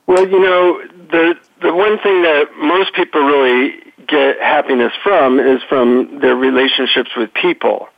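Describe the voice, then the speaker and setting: A man's voice: a little high, a little slow, creaky, few pauses, dry recording. A middle-aged man, a psychotherapist and author, telling stories as a guest on a phone-in radio interview. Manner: animated storyteller, chatty with fillers. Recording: tinny phone line.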